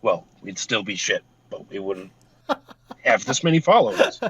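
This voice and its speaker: A man's voice: on the low side, big pitch swings, moderate pace, a bit bright, slightly rough, no room sound, highs cut off. Swearing man reading thank-yous. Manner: swears casually, reads off a thank-you list. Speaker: podcast co-host. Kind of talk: casual podcast chat.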